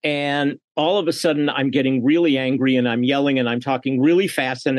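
A man's voice: mid-range voice, fairly quick, no room sound. A middle-aged man talking as a guest on a podcast interview, telling stories and acting out quoted dialogue. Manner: animated storyteller who acts out quoted dialogue. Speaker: guest, business leader and coach.

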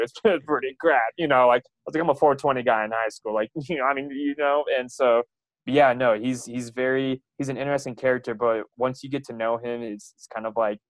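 A man's voice: medium pitch, no echo, low-quality recording. A young man, a runner, telling rambling stories about his coach with lots of fillers and laughs. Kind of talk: casual storytelling.

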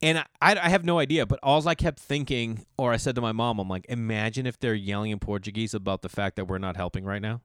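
A middle-aged man from the US Northeast hosting a podcast. He tells a long personal story in a rambling, animated way, with lots of restarts and quick jumps into other people's voices. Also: lowish voice, clean tone, no room sound, studio quality. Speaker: podcast host. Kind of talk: storytelling monologue.

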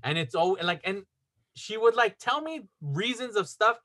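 A man's voice: sits high, big pitch swings, a little slow, bright, forceful tone. A man telling a story in casual chat, rambling with lots of fillers and acting out the dialogue. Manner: rambling, filler-heavy, acts out quoted dialogue. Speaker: podcast storyteller.

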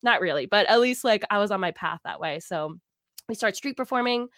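Woman guest, animated storyteller who acts out every exchange; mid pitch, dry close recording. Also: fairly quick, no room sound. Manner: animated, acts out dialogue, many "like"s. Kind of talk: casual storytelling in conversation.

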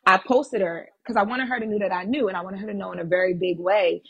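A woman guest on a podcast, telling a personal story in a casual, animated and blunt way, swearing freely. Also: medium pitch, quick pace, husky, lo-fi sound.

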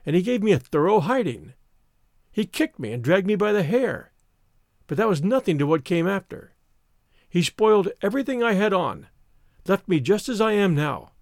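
A man's voice: high-pitched, sing-song, normal speed, vocal fry, dry recording, studio quality, heavily acted. A man reading as a battered young servant woman. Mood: bitter lament. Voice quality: whining, lamenting. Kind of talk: audiobook character reading.

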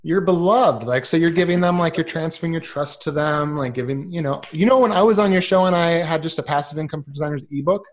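A man chatting casually as a guest on a live podcast, encouraging and thinking out loud with restarts. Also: a little high, quick pace, hardly any pauses. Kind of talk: casual live-stream chat.

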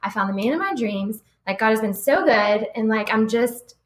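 A woman's voice: on the high side, lively intonation, moderate pace. A woman guest in a casual interview, heartfelt and emotional, saying "like" often. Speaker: guest, business owner. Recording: echoey room.

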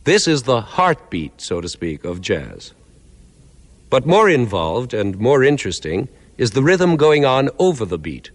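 A man giving a clear, measured lecture that explains musical ideas step by step, sometimes counting out beats. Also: medium pitch, in a large hall.

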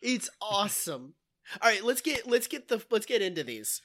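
A man's voice: high voice, sing-song, moderate pace, a bit bright. A man co-hosting a podcast, telling jokey stories in casual chat, full of "like" and "um". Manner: jokey storyteller, many fillers like "like" and "um". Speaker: podcast co-host. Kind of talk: casual comedic movie chat.

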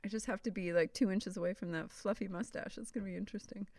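A woman co-hosting a podcast in casual chat, reacting with quick exclamations. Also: mid-range voice, steady tone, darkish tone. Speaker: podcast co-host.

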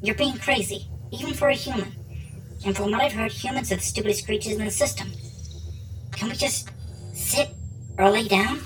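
A man's voice: sits high, moderate pace, long pauses, a bit bright, soft background music, voice pushed up, rough recording. Man doing a scornful coaxing non-human being. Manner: condescending, coaxing.

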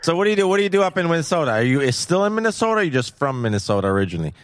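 Male podcast host, quick joking banter, rapid talk, slightly high voice. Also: very animated, over music. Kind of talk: casual chat.

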